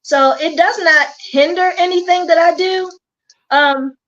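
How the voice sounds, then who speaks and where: High-voiced animated Baltimore woman. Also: unhurried, highs cut off. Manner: animated storyteller, quotes herself and others. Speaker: guest, hair stylist. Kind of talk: casual chat.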